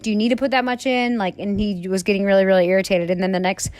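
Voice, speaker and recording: A woman's voice: mid-range voice, fairly even intonation, fast talker, darkish tone, no echo. A woman in her thirties, a salon owner talking candidly in a casual podcast chat, rambling with lots of fillers and the odd swear word.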